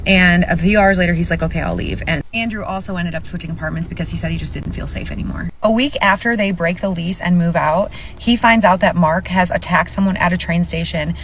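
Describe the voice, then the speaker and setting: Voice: medium pitch, brisk, hardly any pauses, fairly bright tone, a little hiss or hum, poor audio. A storyteller recounting a story in a chatty, casual way, full of "like". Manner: chatty, fillers of "like".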